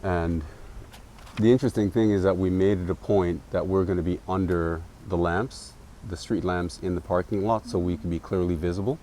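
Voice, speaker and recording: Deep-voiced man, measured recollection. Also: fairly even intonation, mellow, a little hiss or hum. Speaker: academic interviewee. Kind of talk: interview recollection.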